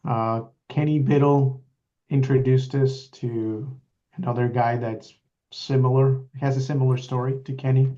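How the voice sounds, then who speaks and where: Halting man over dull call audio. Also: medium pitch, level tone, dark tone. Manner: halting, with many pauses. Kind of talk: casual chat.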